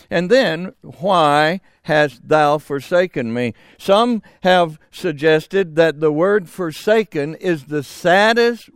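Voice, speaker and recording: An older man preaching a sermon, slow and emphatic with dramatic pauses. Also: a little high, clean tone, no echo, clean studio sound.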